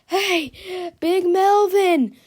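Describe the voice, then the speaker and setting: A woman's voice: on the high side, sing-song, unhurried, a little mellow. A woman voicing a cheeky schoolboy who teases and wisecracks. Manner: teasing and sarcastic.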